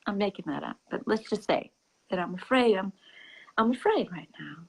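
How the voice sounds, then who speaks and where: A woman giving a reflective spiritual talk. She speaks softly and intimately, often sinking to a whisper, and laughs easily. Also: medium pitch, lively intonation, moderate pace, creaky, husky, poor audio. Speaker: spiritual teacher.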